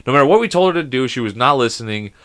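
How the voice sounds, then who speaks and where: A man's voice: medium pitch, rapid-fire. A man co-hosting a podcast in casual chat, telling a rambling story and acting out the dialogue. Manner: animated storyteller who acts out the dialogue; rambling, with many restarts. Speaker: podcast co-host.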